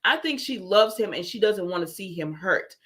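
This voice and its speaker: A woman's voice: mid-range voice, animated, moderate pace, fairly bright tone. Casting note: woman livestream host with a middle-range voice, chatty recap, reacts to chat. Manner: chatty, retells scenes and reads out viewer comments. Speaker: soap opera reviewer. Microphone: livestream setup with computer microphone.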